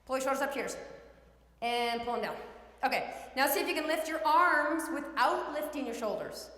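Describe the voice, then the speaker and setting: A woman teaches children yoga in a bright, high voice, giving encouraging cues and playful animal prompts. Her voice rings around a roomy studio with a long reverb tail. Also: normal speed. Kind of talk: guiding a kids' yoga class. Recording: echoey room with long reverb.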